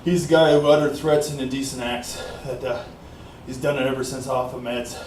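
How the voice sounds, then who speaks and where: A man from Canada, rambling in a casual monologue, often saying "like I said" and filling pauses with "uh", winded from exercising. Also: medium pitch, little pitch movement, a little mellow, distant mic. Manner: rambling, repeats "like I said", pauses with fillers. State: out of breath from exercising. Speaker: vlogger. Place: small warm room indoors. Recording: roomy echo, voice off-mic, faint noise.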